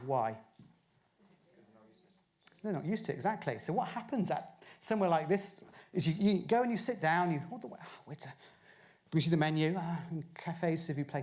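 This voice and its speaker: A man's voice: a little high, a little mellow. A man from Bristol gives a chatty conference talk, firing rhetorical questions at a live audience. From Bristol, England. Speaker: conference speaker. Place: conference stage.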